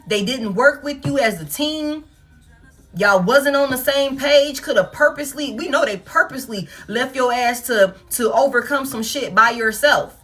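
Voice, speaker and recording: A woman's voice: on the high side, a bit bright. A woman reading tarot in a casual, blunt monologue, swearing often and repeating phrases for emphasis. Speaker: tarot reader. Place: home setup, soft music playing behind her.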